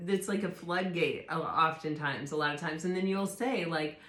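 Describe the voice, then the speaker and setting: A woman's voice: low-pitched, normal speed, a bit bright. A woman doing a casual spoken tarot reading, reflective and rambling, often restarting her sentences. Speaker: tarot reader. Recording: roomy echo.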